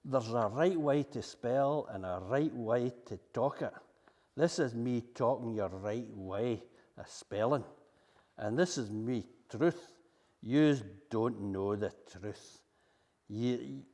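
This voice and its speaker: A Scottish man reading a poem aloud as a gruff male newsreader who speaks broad Scots, slow and emphatic. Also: mid-range voice, animated, a little mellow. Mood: defiant. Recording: long hall reverb.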